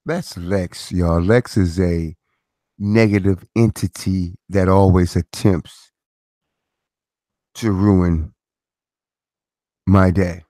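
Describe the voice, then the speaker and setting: A man's voice: sits low, fairly even intonation, drawn-out words, pauses often, mellow, no echo, clean studio sound. A middle-aged man hosting his own commentary channel, talking in a preachy way with rhetorical questions and repeated phrases. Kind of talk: casual commentary monologue.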